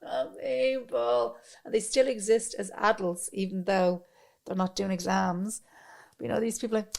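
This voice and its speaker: An Irish woman in her thirties, co-hosting a podcast in casual chat and telling animated, sweary stories. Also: medium pitch, moderate pace, vocal fry. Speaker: podcast co-host.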